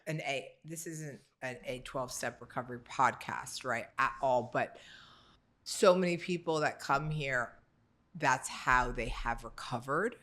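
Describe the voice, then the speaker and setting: A male podcast host with a bright, forceful voice talks through ideas in a reflective way. He keeps nodding along to his guest with quick affirmations. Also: mid-range voice. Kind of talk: conversational interview.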